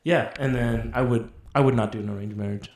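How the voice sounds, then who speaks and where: Young male co-host, mid-pitched, joking banter, roomy echoey recording. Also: brisk. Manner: relaxed, teasing banter. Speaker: podcast co-host. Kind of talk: casual chat.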